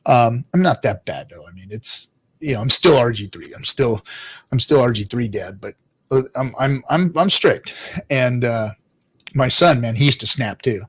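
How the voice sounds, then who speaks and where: A man in his middle range of pitch chats loosely on a livestream, swearing freely and chuckling between thoughts. He trails off, restarts, and sometimes sinks into quiet low mutters before picking back up. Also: expressive, moderate pace, slightly rough. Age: adult father. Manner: profane, rambling, laughs often, drops to low mutters. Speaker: crypto livestream host reading chat. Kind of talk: casual livestream chat.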